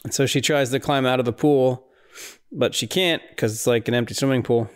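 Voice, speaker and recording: A man with a smooth, clear voice at a middling pitch talks through a film in a loose, casual recap. He rambles and restarts, turns incredulous at the plot, and breaks into laughter. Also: fairly quick. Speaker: podcast host.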